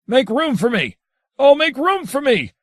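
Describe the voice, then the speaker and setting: A man voicing an impassioned male figure, caught in ecstatic transport, who booms and cries out. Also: big pitch swings, a little slow, no room sound, clean studio sound, exaggerated voice. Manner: booming, crying out.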